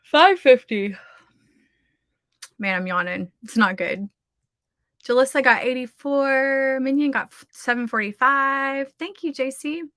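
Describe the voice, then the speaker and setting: A woman in her thirties with a drawl chats slowly and easily as she hosts writing sprints, reading viewer comments out loud. Her voice sits a little high and sounds bright and forward. The sound is dry and close, with no room echo. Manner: chatty, reads out viewer comments. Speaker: livestream host of writing sprints. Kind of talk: casual livestream chat.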